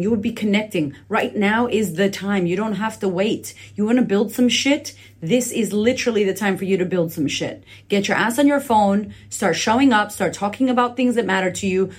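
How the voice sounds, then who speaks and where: A woman's voice: medium pitch, a little mellow, husky. A woman podcast host giving a blunt, profane motivational talk, recorded indoors on a phone leaning on a laptop. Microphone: phone camera leaning on a laptop.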